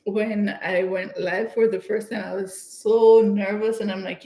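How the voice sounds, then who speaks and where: A young woman from Canada, chatting excitedly and giggling as she hosts her own livestream. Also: medium pitch, unhurried. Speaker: livestream host. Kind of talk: casual livestream chat. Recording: echoey room.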